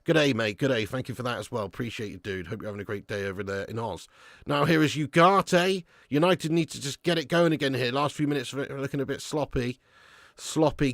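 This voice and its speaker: A young man hosting a live football watch-along, reading out chat messages and commentating casually, swearing and shouting at players before dropping back to low mutters. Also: expressive, fairly quick, no room sound, clean studio sound.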